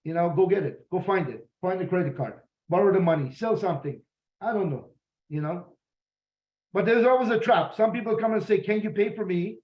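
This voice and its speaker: A man's voice: sits high, lively intonation, a little fast, reverberant, dull audio. A man speaking as a business recruiter and mentor in a motivational talk, blunt and direct, often repeating himself.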